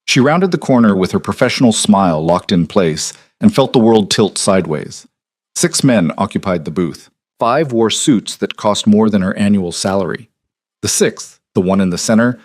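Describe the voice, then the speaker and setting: Male narrator, measured dramatic read, low pitch. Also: a little mellow, no room sound, studio quality. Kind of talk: scripted story narration.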